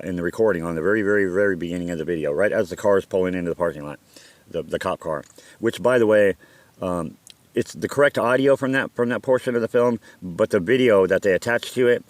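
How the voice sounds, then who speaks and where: A man with a low voice tells a story from his own life, blunt and often profane, and he acts out the heated lines he quotes. The sound is dry and close, with no room around it. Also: no echo. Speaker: storyteller recounting a personal incident. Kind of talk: casual spoken storytelling.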